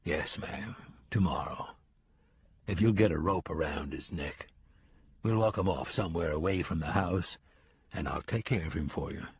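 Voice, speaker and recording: A man voicing a frontier gunman who speaks low, quiet and firm. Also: animated, measured pace, husky, full character voice. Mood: hushed firm.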